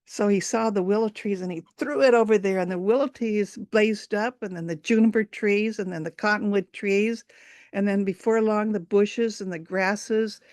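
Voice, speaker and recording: A woman telling a folk tale over a video call, in a halting, informal way. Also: mid-range voice, fairly even intonation, a little mellow, no room sound, clean studio sound. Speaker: storyteller.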